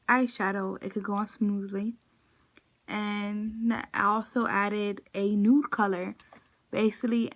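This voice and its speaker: A young woman chatting casually through a makeup tutorial, walking viewers through each step in an informal way. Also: mid-range voice. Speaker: beauty vlogger.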